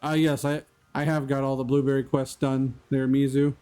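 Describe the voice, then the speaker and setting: A man's voice: medium pitch, little pitch movement, moderate pace, dark tone, clear, resonant tone. A man live-streaming a video game, chatting casually with his viewers and laughing often. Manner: chatty, laughs often, talks to chat by name. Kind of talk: casual live-stream chat while playing.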